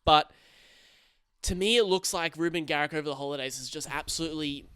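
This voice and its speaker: A man with a bright, crisp voice talks footy in casual banter, cursing freely and trailing off mid-thought. He sounds close and dry, recorded right up on the mic. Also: on the high side, a little fast, no echo. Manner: laughs easily, swears casually, trails off mid-sentence. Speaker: podcast co-host. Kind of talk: casual sports chat.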